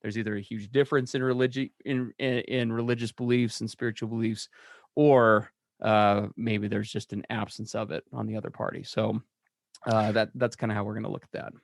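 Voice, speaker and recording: A man's voice: on the low side, brisk, creaky, no room sound, clean studio sound. A man co-hosting a podcast, talking in a casual, upbeat and joking way, sometimes like a radio disc jockey. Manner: upbeat, energetic, jokey radio-style intro. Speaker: podcast co-host.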